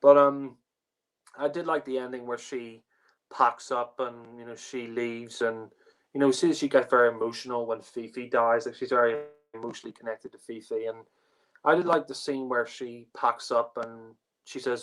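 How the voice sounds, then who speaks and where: A man's voice: medium pitch, fairly even intonation, normal speed, fairly bright tone, poor audio. A man giving a casual spoken review, rambling with lots of fillers and restarts. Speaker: podcast panelist reviewing a TV story.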